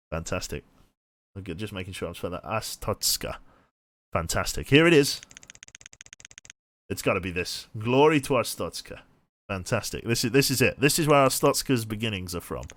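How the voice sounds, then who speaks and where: A man's voice: on the low side, expressive, normal speed, pauses often, fairly bright tone. A man streaming a game, thinking aloud and rambling to himself with many restarts. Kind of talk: casual thinking-aloud gameplay commentary.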